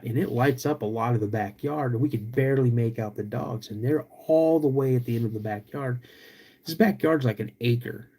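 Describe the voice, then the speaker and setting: A young man, hosting a podcast and telling a story in an animated, drawn-out way with sudden loud bursts. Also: mid-range voice. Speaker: podcast host.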